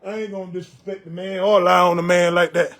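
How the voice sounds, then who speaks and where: Speaking quickly in a high, slightly bright voice with little movement in pitch, a man in his 50s hosts a comedic livestream as a sassy, old-fashioned, gray-haired uncle. He reads comments, scolding and teasing viewers, from a room in a house using a phone on a ring light.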